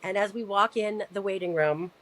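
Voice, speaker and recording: Woman telling a halting, earnest story. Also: mid-range voice, no room sound, low-quality recording. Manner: halting, repeats words, restarts often; earnest, emotional. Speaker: podcast guest. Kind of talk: personal storytelling.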